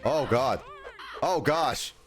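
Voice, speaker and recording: Soft music plays behind a young man chatting during a gaming live stream, where he rambles, reads out viewer messages, and laughs often. He speaks extremely slowly with a medium pitch and lively intonation.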